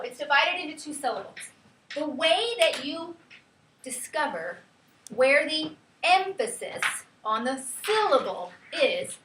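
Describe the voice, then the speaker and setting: A woman teacher giving a classroom lesson, lively and chatty, often checking in with her students. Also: high-pitched, background noise. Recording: roomy classroom from a far camera.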